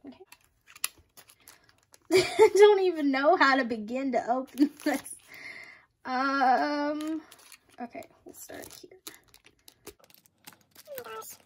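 A young woman unboxing collectibles in a casual vlog, excitable and gushing, often giggling. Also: high voice, takes it slowly, long pauses. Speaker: vlogger.

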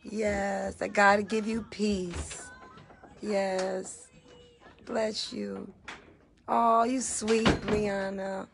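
Teary, gushing woman with a gravelly, slow voice. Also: mid-range voice, little pitch movement, background noise. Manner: gushing, thanks viewers by name, emotional. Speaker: gospel singer on a livestream. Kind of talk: casual livestream chat. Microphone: phone.

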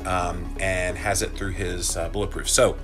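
With music playing behind him, a health podcaster chats on a phone live stream he's filming himself, reading viewers' comments aloud and addressing them directly. His low-pitched voice is flat and unhurried, trembling from the vibration plate he's on.

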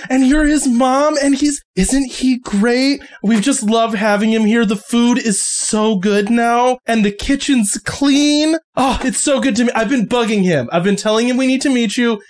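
A man voicing a bubbly teenage girl who gushes and rambles in one long, friendly rush. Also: extremely high pitch. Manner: chatty and gushing, rambling.

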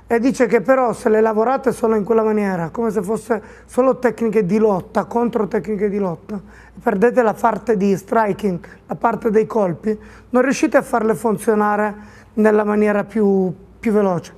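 A woman interpreting a martial arts instructor's explanations for a seminar audience in a steady, measured way. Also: mid-range voice.

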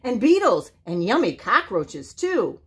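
A woman's voice: high-pitched, wildly swooping pitch, a little slow, a bit bright, voice pushed up, heavily acted. A woman voicing a small, cheerful young male possum in a storybook reading. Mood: gleeful. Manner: eager, gleeful.

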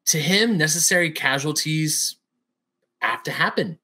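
A man co-hosting a podcast in casual chat, acting out quotes and pausing to search for words. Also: on the high side, expressive, pushed and bright, breathy edge. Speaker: podcast co-host.

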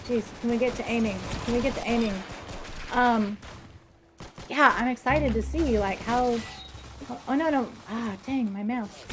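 A woman streamer chatting casually through a game, excitable and talkative with bursts of exclamations. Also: fairly high pitch, a little slow, long pauses, background noise. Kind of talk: casual gameplay commentary. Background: clear music and game gunfire.

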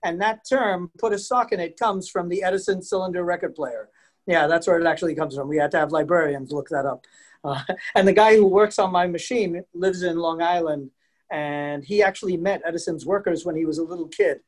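A man presenting a virtual museum program over a video call, jokey and animated, laughing often and talking directly to the children watching. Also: sits high, brisk. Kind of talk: interactive virtual presentation for families.

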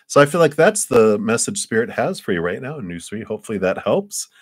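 A man giving live tarot readings in a gentle, rambling way with playful asides. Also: lowish voice, sing-song, a little fast, slightly rough, no echo, studio quality. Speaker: tarot reader.

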